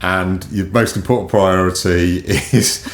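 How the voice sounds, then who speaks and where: A man's voice: low-pitched, fairly even intonation, a little slow. A man hosting a podcast interview, summing up his guest's story back to her in an understanding way. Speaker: podcast host. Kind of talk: interview questions. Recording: echoey room with background noise.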